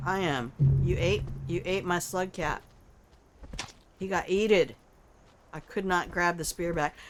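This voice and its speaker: An older woman giving chatty, playful live-stream commentary while playing a game, joking at her own expense and talking to her viewers. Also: mid-range voice. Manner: playful, chatty, self-mocking trash talk; talks to chat and the game character.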